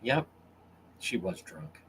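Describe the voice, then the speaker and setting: A man's voice: lowish voice, very animated, slow pace, a little hiss or hum. A man hosting a casual livestream, crude and mocking as he reads comments from chat. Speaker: livestream host.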